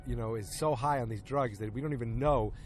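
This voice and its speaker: A man hosting a podcast, recapping an episode in a loose, casual way and acting out the characters' lines in quick quotes. He is recording outdoors in a park. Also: medium pitch, slight background noise. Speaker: podcast host.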